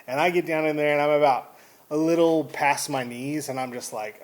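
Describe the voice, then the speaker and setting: Texan man, a bit higher-pitched, animated casual vlogger telling a story. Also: normal speed. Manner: rambling, animated, restarts.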